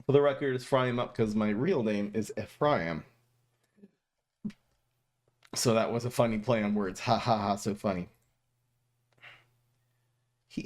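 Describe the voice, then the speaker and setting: A young man streaming and casually reviewing viewer messages, talking in a chatty, animated way with frequent laughs and restarts. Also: mid-range voice.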